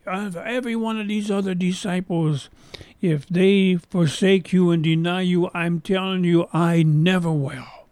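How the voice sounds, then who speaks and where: Man doing an insistent loyal disciple, raised pitch, sermon retelling. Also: fairly even intonation, unhurried, a little mellow, no echo. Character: boastful loyal male disciple.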